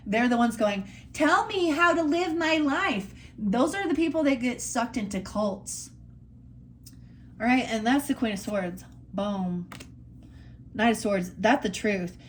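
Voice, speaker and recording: A middle-aged woman with a mid-range voice does a casual tarot reading, sounding blunt and frustrated as she rambles and swears freely. There's slight background noise.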